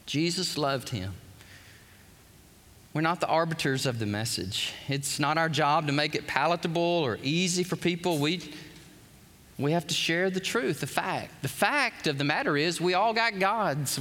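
Lively high-voiced preacher. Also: male voice, measured pace, big-room sound. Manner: animated storytelling, acts out quotes. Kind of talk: sermon.

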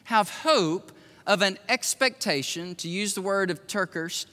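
A man's voice: high-pitched, measured pace, long reverb tail. A man in his fifties, a pastor preaching a sermon, telling stories with acted-out voices and frequent laughter. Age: 50s. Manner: animated storytelling, acts out voices, laughs often.

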